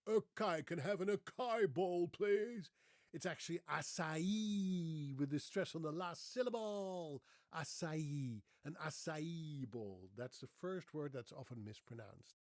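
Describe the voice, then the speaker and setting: A man giving a short, playful video lesson on pronunciation, slowing down to stress each syllable of a word. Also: mid-range voice, no room sound, studio quality. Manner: lively, playful, stresses each syllable slowly when modelling words. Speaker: English pronunciation teacher.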